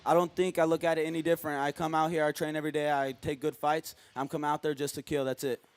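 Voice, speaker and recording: A man's voice: on the high side, little pitch movement, fast talker, smooth. A man, a fighter, answering with confident trash talk at a press conference.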